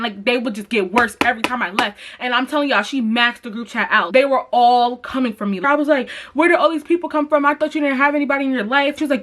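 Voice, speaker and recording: A woman's voice: a little high, bright, forceful tone. A young adult woman telling a personal story to her viewers in a casual vlog, blunt and chatty with lots of swearing. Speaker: vlogger.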